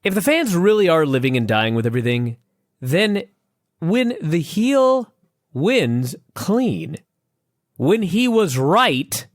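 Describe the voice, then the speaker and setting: A man's voice: on the high side, slow, dry recording, studio quality. A man co-hosting a casual podcast, joking and swearing freely as he talks. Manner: animated, profane, joking. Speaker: podcast co-host. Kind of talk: casual chat.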